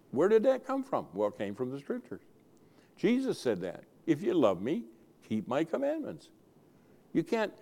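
Earnest male preacher, mid-pitched voice. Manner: earnest preaching, dynamic swings in loudness for emphasis; repeats key phrases for emphasis. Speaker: pastor. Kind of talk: sermon.

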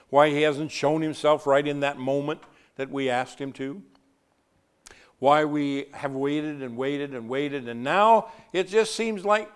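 Male pastor, sermon, slightly high voice, swings from loud to hushed, drawn-out words. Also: clear, resonant tone. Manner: swings from loud emphatic preaching to soft hushed tones; stretches key words slowly for emphasis.

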